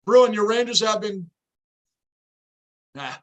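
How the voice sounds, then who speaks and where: A hoarse, worn-out male livestream host reacting to a hockey game, excitable and emotional, shouting at the action and chatting with viewers by name. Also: sits high, slow. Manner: chats with viewers by name, off topic. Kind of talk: casual live reaction chat.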